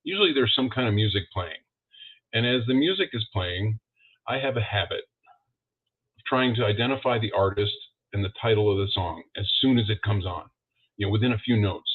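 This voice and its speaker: A man, a licensed practitioner, giving a conversational spiritual talk with frequent fillers, now and then acting out his own thoughts in a higher voice. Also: expressive, a little fast, slightly rough. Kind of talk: sermon talk. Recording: tinny phone-like audio.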